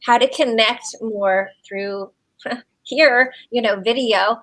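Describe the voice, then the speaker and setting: A woman's voice: fairly high pitch, steady tone, takes it slowly, a bit bright, no echo, low-quality recording. Thoughtful woman interview host. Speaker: host, yoga therapist. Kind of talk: live video interview.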